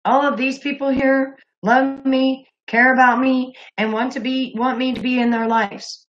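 A woman's voice: high-pitched, level tone, unhurried. Profane, fiery woman hosting a muffled livestream. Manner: blunt, profane, angry outbursts. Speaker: livestream host taking calls. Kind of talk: heated call-in livestream.

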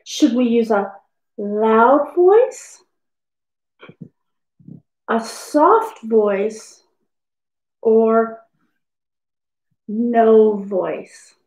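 A woman's voice: a little high, very slow, long pauses, darkish tone, reverberant, low-quality recording. A woman teacher giving a lesson to young children in a sing-song, encouraging way.

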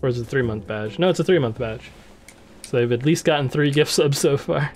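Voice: mid-range voice, a little fast, darkish tone, soft background music. A speedrun streamer giving playful, joking commentary while racing a friend.

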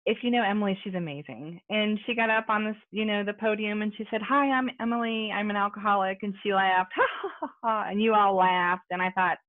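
An American woman with a medium-pitched, fairly even voice talks fairly quickly and with few pauses as she tells her recovery story at a support meeting held over video call. Her personal testimony is conversational, full of fillers and asides. The call audio sounds tinny and phone-like, with no echo.

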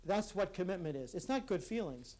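A man's voice: sits high, sing-song, dark tone. Earnest man giving a reflective talk. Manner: earnest, with halting restarts. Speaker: speaker at a conference. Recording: live talk in a hall.

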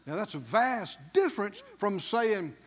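A man's voice: sits high, big pitch swings, a little slow, long reverb tail. A man preaching a sermon as pastor, emphatic, with call-and-response questions to the congregation.

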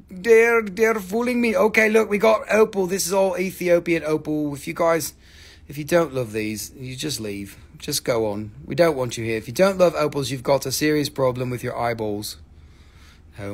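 Gravelly dude selling rocks on a live stream, kinda high voice, cracking jokes and cussing. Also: male voice. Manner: joking, profane, animated. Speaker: livestream rock seller. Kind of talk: live sales stream, casual chat.

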